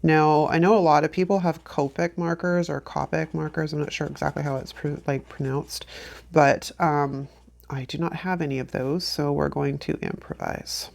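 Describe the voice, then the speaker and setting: A woman's voice: sits low, fairly even intonation, moderate pace, vocal fry, a little mellow. A woman hosting a planner channel, talking through a craft tutorial in a chatty, rambling, self-deprecating way. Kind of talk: casual craft tutorial chat.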